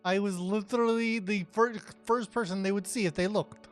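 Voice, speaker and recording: A woman playing a tabletop game, talking casually and defending herself with halting restarts. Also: medium pitch, steady tone, faint music behind.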